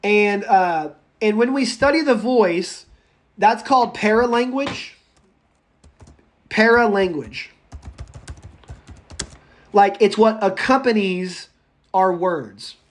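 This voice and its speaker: A man lectures his college public speaking class over an online chat. He is animated and joking, and he drags single words out slowly to stress them. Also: high voice.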